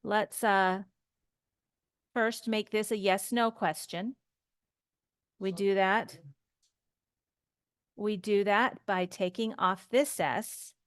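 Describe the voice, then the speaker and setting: A woman's voice: medium pitch, fairly even intonation, takes it slowly, long pauses, fairly bright tone, clear, resonant tone, no room sound, clean studio sound. A woman teaching English grammar, explaining patiently step by step with example sentences. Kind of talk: slow grammar lesson.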